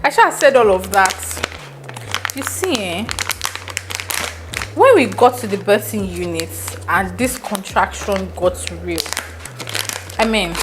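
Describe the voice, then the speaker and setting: Animated woman vlogger, sizzling pan. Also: mid-range voice, slow, pauses often, background noise. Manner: animated, laughing, mixes in slang. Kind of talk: storytelling vlog. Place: home kitchen, cooking. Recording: kitchen with loud frying sizzle.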